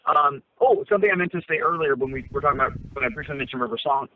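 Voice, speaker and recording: A man with a fairly high, animated voice races along as he co-hosts a casual chat from a parked car. Talking through his phone on a tinny line, he rambles with many fillers and restarts.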